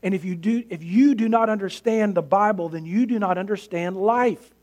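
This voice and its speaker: A man's voice: high voice, moderate pace, a little mellow. A male pastor preaching a sermon in an earnest, emphatic way, building points through repetition.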